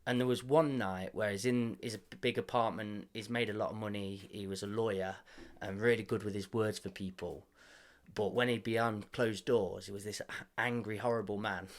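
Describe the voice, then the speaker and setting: A man's voice: on the low side, fairly even intonation, normal speed. A man hosting a podcast in casual, earnest conversation, often laughing and openly emotional. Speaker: podcast host.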